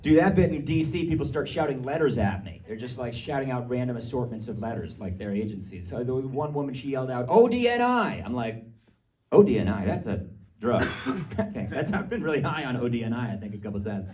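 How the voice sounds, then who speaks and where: A man doing a stand-up comedy set, telling stories in a lively, animated way with quick asides, recorded live on a stage mic. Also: mid-range voice, a little hiss or hum. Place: small live comedy venue. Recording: distant live room recording with crowd. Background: audience laughter.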